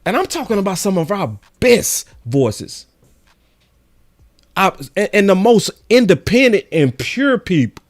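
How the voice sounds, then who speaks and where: A man with a high, very animated voice, speaking a little slowly, hosts his own sports channel. His fired-up fan monologue is slangy and preachy, and he repeats his points emphatically for weight.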